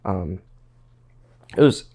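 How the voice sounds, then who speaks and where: A man's voice: drawn-out words, mellow. A man, a former pro wrestler, telling stories as a guest in a casual interview, rambling and repeating words as he quotes others.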